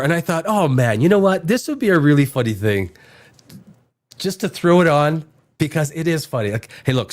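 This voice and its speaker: A man hosting a casual chat, rambling and cursing with many restarts. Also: fairly high pitch. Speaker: host.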